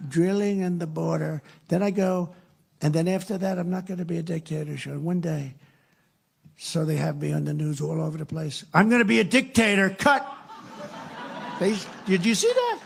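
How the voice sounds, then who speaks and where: A man's voice: a little high, expressive, normal speed, gravelly, darkish tone, slight background noise. A man from the United States, a political candidate, giving a rambling, sarcastic campaign rally speech full of repetition. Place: live rally.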